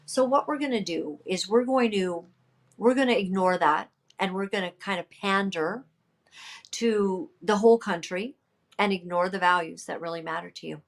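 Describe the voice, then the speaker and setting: A woman, a political candidate and podcast guest, retelling events in an emphatic, lively way with many fillers. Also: mid-range voice, moderate pace. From Canada. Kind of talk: storytelling in a casual interview.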